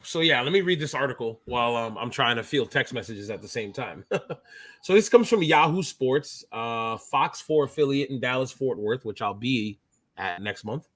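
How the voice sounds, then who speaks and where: Casting: thirties man, podcast co-host, lively bright voice, jokey sports banter. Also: medium pitch, moderate pace. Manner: animated, jokey, distracted mid-talk. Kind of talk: casual sports chat.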